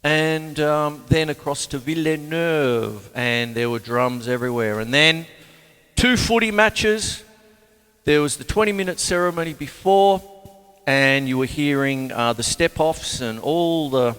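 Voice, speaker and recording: A man's voice: a little high, measured pace, a bit bright, clear, resonant tone. A man hosting a casual drum lesson, who talks in a rambling, chatty, self-deprecating way. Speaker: drum teacher and show host. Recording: long hall reverb, faint drums.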